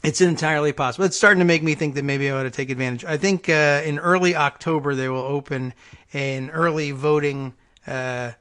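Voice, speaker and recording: A man's voice: fairly high pitch, fairly even intonation, brisk, fairly bright tone. A man co-hosting a podcast in casual chat, hesitant, with frequent short replies. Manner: hesitant, lots of restarts and short back-channel replies.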